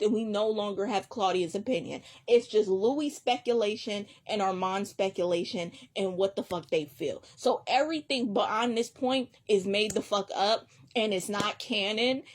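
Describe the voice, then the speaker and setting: A woman recapping a TV episode as a live reaction vlogger, retelling it bluntly, with lots of swearing and animated asides. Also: mid-range voice, a little slow.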